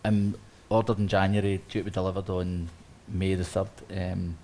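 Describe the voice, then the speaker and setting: A man, an interior designer, telling a lively story on a live panel, acting out quotes with many restarts. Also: low-pitched, normal speed, slight background noise. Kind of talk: anecdote on a live panel talk.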